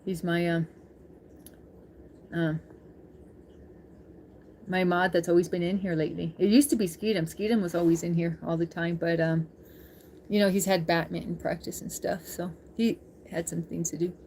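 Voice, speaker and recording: A woman's voice: on the low side, steady tone, moderate pace, pauses often, warm tone, a little hiss or hum. A woman live-streaming, chatting casually with her viewers, laughing often and reading chat aloud.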